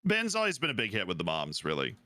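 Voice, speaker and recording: A man's voice: on the low side, wildly swooping pitch, quick pace, pushed and bright, dry recording. A man bantering with friends on a voice call during a group game, firing off teasing comebacks. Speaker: player in an online group game.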